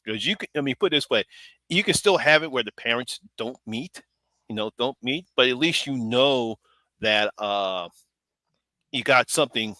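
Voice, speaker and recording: A man's voice: mid-range voice, lively intonation, moderate pace, pushed and bright, no room sound. A man hosting a casual live stream chat about a horror film, rambling and laughing often.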